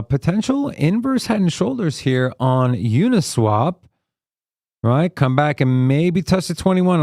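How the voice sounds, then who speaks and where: A male trader on a live stream, casually working through charts and stopping to think mid-sentence. His pitch sits in the middle of the range, and the recording is dry, with no room echo. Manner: relaxed, thinks aloud with fillers while reading charts. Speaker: co-host and trader on a live trading show.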